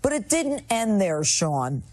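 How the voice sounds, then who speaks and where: A woman's voice: medium pitch, very animated, slow, a little mellow. A woman guest in a TV news interview, telling her story in an indignant, emphatic way. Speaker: TV guest, former judge.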